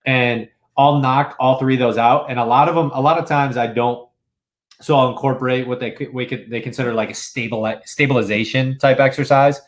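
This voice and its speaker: A man's voice: medium pitch, steady tone, fairly quick. Fitness-nerd guy on a podcast, mid voice, lots of "dude" and restarts. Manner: enthusiastic, explains with many fillers and restarts, says dude. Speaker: podcast co-host. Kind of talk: casual chat.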